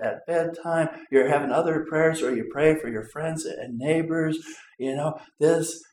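Midwestern pastor preaching loosely, fond of "you know" and "right?", voice a bit high, caught in a roomy church. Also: male voice, darkish tone. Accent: Upper Midwest American. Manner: conversational preaching with many fillers and tag questions. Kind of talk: sermon. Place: church sanctuary. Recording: echoey church with faint ambience.

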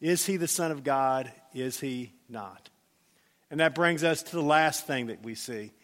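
A man preaching a sermon as pastor, animated, acting out quoted voices, with many restarts. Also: mid-range voice, a little slow. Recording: long hall reverb.

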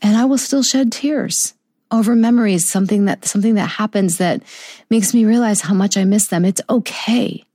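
A middle-aged woman speaking softly and slowly about a personal loss in a heartfelt, reflective monologue. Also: mid-range voice, no room sound, studio quality. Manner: soft, slow and heartfelt, with tender pauses. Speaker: vlogger sharing a personal story.

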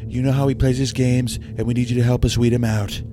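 A man putting on a rough impression of a boastful male president, stumbling over his words. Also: mid-range voice, level tone, quick pace, over music, voice pushed up, natural voice. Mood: earnest.

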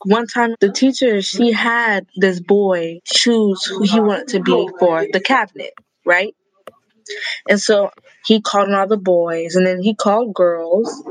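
A woman's voice: medium pitch, fairly even intonation, measured pace, no echo, soft background music, poor audio. A girl of about twelve telling her aunt about school, frank, outspoken and upset. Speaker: niece. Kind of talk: casual family conversation.

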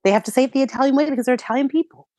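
A woman co-hosting a podcast, chatting casually about a reality show and reacting quickly and animatedly. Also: high-pitched, dark tone, no room sound. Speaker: podcast co-host.

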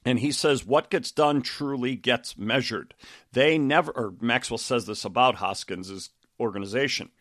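A man's voice: mid-range voice, normal speed, fairly bright tone, dry recording. Middle-aged guy rambling about a book, lots of ums, dry close sound. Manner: rambling, many fillers and restarts. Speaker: podcast host and coach. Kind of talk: casual book discussion.

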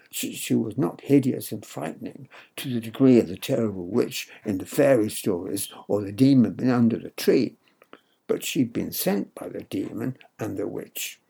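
An older man reading his memoir aloud in a measured, wry storytelling manner. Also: mid-range voice, gravelly, mellow, slightly rough. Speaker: narrator.

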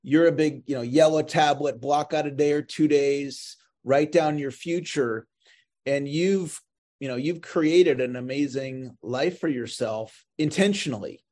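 Podcast host asking relaxed questions. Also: male voice, fairly high pitch, a little slow. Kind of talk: interview questions.

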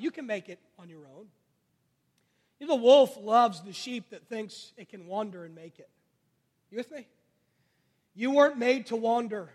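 High-voiced man preaching in echoing church. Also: slightly rough. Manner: call-and-response preaching, rising and falling in volume. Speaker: pastor. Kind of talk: sermon.

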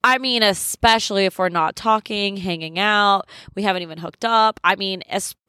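A woman's voice: medium pitch, normal speed, pushed and bright, smooth, dry recording, clean studio sound. A young woman hosting a podcast in a candid, casual chat, laughing often and swearing freely. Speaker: podcast host.

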